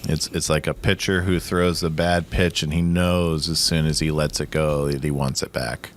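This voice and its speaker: A man's voice: a bass voice, little pitch movement, moderate pace, slight background noise. A man co-hosting a casual podcast, talking in an earnest, thoughtful way and restarting words as he builds his point. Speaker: podcast co-host. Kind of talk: casual rewatch podcast chat.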